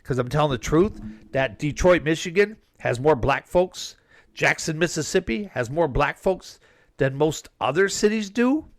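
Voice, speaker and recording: A man's voice: fairly high pitch, animated, moderate pace. A man delivering a fired-up, indignant opinion monologue, often tacking on "man". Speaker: commentator.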